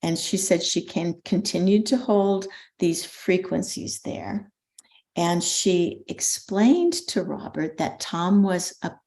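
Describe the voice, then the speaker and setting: An older woman, a spiritual teacher, telling a story in a lively way with frequent ums and restarts. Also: medium pitch. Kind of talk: storytelling talk.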